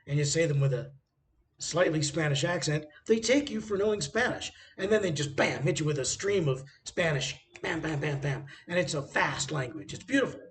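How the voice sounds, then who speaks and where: Man, somewhat high voice, casual travel vlog, rambling anecdotes, halting pauses, hotel room. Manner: rambling, anecdotal storytelling with frequent hesitations. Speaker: travel vlogger. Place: hotel room by a busy street.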